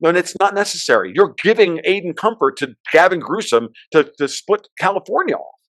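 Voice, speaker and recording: A man giving heated, profane market and political commentary as a podcast guest, ranting with sudden loud outbursts. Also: high voice, very animated, a little fast, dry recording. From United States.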